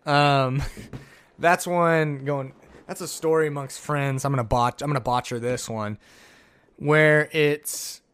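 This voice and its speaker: A man's voice: fairly high pitch, steady tone, measured pace, fairly bright tone, a little hiss or hum. A man hosting a solo podcast, chatting casually and rambling through old notes with jokey asides. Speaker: podcast host.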